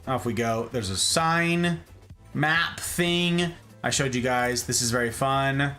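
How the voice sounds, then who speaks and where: A man's voice: takes it slowly, faint music behind. A man hosting a casual talk show, chatting and joking while showing travel photos. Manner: animated, jokey, pitch jumps for emphasis. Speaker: podcast host.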